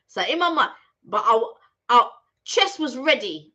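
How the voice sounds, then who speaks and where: Lively, bright woman telling a story. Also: medium pitch, a little fast. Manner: animated storytelling, acts out both sides of a call. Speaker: channel host. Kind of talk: casual live-stream chat. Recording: dull lo-fi stream audio.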